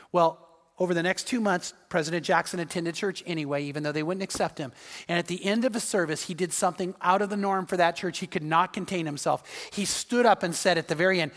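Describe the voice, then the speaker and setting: Man, pastor, sermon, earnest storytelling, fairly high voice, long reverb of a church hall. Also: a bit bright. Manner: earnest preacher acting out quoted voices. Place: church sanctuary.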